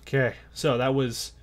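A man commentating his own gameplay, chatty and out of breath, muttering orders and counting under his breath. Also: medium pitch. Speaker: gaming YouTuber. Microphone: desk mic with face cam.

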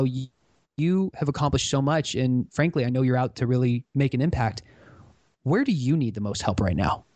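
A man guesting on a podcast, telling stories in an animated way. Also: medium pitch, no echo. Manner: animated storyteller. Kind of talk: storytelling in an interview.

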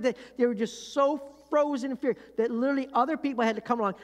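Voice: mid-range voice, brisk, few pauses, in a large hall. A pastor giving a conversational sermon, telling a story and often asking the congregation questions. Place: church sanctuary.

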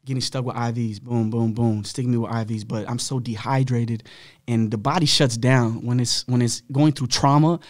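A man's voice: medium pitch, fairly even intonation, moderate pace, no echo. Man, podcast guest, blunt and profane, slangy storytelling, dry close-miked sound. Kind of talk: candid personal storytelling.

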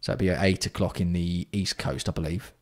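A man hosting a casual livestream, bantering with chat and swearing freely while keeping his voice fairly hushed. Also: low-pitched, fairly even intonation, brisk, breathy edge. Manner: banter-filled, sweary, reads out and answers chat. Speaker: livestream host.

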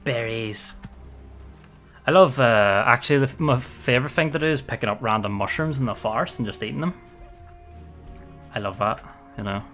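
A man's voice: medium pitch, moderate pace, pauses often, a bit bright, soft background music. A young man giving casual gameplay commentary, chatting, laughing often and swearing at enemies. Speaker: gaming streamer.

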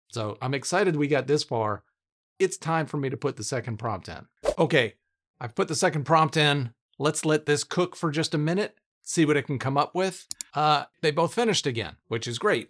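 A man recording a casual screen commentary as a tech YouTuber, enthusiastic and thinking aloud as he tests software. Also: mid-range voice. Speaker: tech YouTuber testing AI coding tools.

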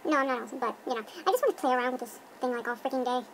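Squeaky chipmunk-filtered young woman vlogging. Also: racing, a little hiss or hum. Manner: giddy, goofy, self-mocking rambling. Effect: chipmunk pitch-up voice filter. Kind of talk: casual rambling vlog. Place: her bedroom.

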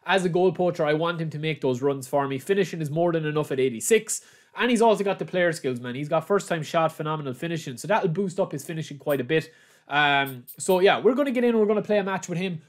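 A man hosting a gaming channel, giving excitable live commentary on his own match, shouting at the play and calling viewers lads. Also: a little high, fast.

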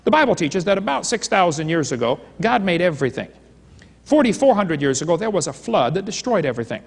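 A man with a somewhat high voice lectures at a live seminar, mixing jokes with stories that he acts out as dialogues. His voice rings with the long reverb of a large hall. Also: big pitch swings, fast, vocal fry. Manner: joking storyteller, retelling dialogues. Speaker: creationist seminar speaker.

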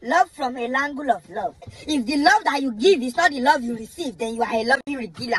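A woman's voice: high-pitched, expressive, fairly quick, few pauses, fairly bright tone, slightly rough. A young woman with a Nigerian accent delivering an angry comic rant to the camera, mocking sayings and firing off rhetorical questions. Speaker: comedy skit creator.

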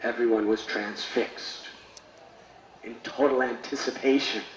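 A man, a spiritual teacher, telling a sacred story in a sermon with slow, dramatic delivery. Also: medium pitch, fairly even intonation. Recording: echoey, distant mic, faint noise.

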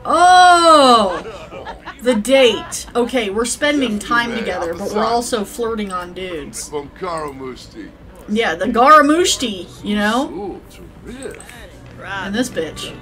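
A young woman giving casual, profane commentary while playing a life-sim game, yelling at the characters and rambling. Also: mid-range voice, animated, takes it slowly, pauses often. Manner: rambling, self-interrupting.

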